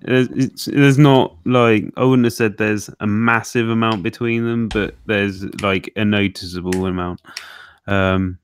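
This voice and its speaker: A man's voice: lowish voice, fairly even intonation, measured pace, slight background noise. A man from Britain, a podcast guest, talking hesitantly with many ums and restarts. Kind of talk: casual podcast chat.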